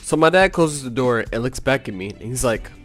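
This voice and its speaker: A man's voice: mid-range voice, lively intonation, fairly quick, fairly bright tone, faint music behind. A young man casually narrating a personal story in laid-back, slangy talk full of "you know.". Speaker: storytime YouTuber.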